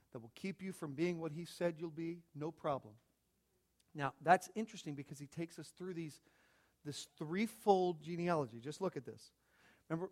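A man preaching a sermon, emphatic, swinging from hushed lines to loud ones, with lots of rhetorical repetition. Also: on the high side.

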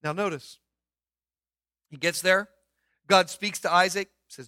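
A man's voice: high voice, fairly even intonation, unhurried, bright, forceful tone, clean tone, dry recording, clean studio sound. A man preaching a sermon in an emphatic way, asking rhetorical questions and dropping his voice to stress points. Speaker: pastor.

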